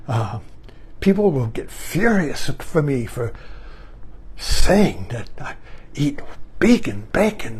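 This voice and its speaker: A husky older man talks in a slow, wandering monologue. His pitch climbs and dips a lot as he circles back over his own points with a chuckle now and then. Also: very animated, a little mellow. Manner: rambling and musing, repeats himself, chuckles. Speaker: online talk host. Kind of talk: reflective monologue.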